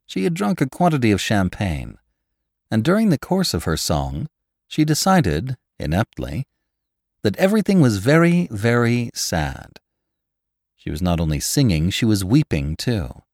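Deep guy narrating a classic novel, lots of pitch movement, dry close sound. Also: very animated, measured pace, darkish tone, dry recording. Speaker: audiobook narrator.

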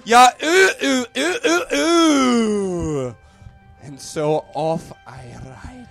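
A man's voice: high-pitched, animated, measured pace, a bit bright, soft background music, voice pushed up. A man voicing a boastful male hobbit with a put-on Scottish accent, in a theatrical, bellowing delivery. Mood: grandiose.

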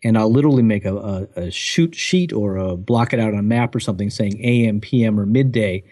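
A man with a somewhat low voice talks through his working habits as an interview guest. His manner is relaxed and reflective, with easy laughter and the odd restart. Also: fairly quick. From United States. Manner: relaxed, thoughtful, laughs easily, some restarts. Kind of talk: casual interview answers.

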